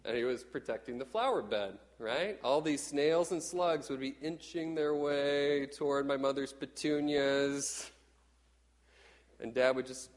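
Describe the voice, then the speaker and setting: A middle-aged man from Texas preaching a sermon in a lively, conversational way, often acting out quotes. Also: mid-range voice, unhurried, in a large hall. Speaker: pastor.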